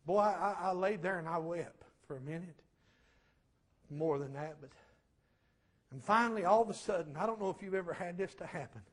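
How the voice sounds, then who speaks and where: A middle-aged man preaching a testimony sermon, fervent and swinging from shouts to a low hush. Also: a little fast, pauses often.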